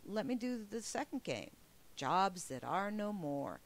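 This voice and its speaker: A woman's voice: medium pitch, sing-song, unhurried. A woman presenting a teacher training webinar, upbeat and emphatic as she walks through slides. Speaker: professional development trainer.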